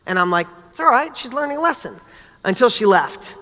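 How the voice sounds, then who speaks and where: Bright, forceful male speaker giving a motivational talk, animated and blunt in his storytelling. His voice rings with a long reverb, as in a large hall. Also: very high-pitched, a little fast, slight background noise. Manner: animated, casual, blunt, with mild swearing. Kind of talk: motivational talk with personal stories.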